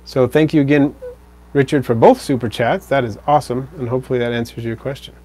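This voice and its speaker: A man hosting a live stream, casually answering viewer comments in a relaxed, rambling way. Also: medium pitch, quick pace. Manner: relaxed, rambling, with fillers and self-corrections.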